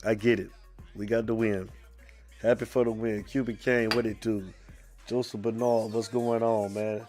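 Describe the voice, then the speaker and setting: A man hosting a live fan show, feeling under the weather and calling out viewers' names in a casual, animated chat. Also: fairly low pitch, faint music behind. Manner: drawn-out greetings, animated, calls out commenters by name. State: a little sick, under the weather.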